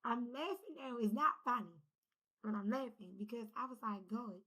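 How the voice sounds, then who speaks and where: Husky-voiced woman giving a spiritual reading. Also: fairly high pitch, normal speed, rough recording. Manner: animated, drops to whispers, swears, laughs often. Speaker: spiritual reader.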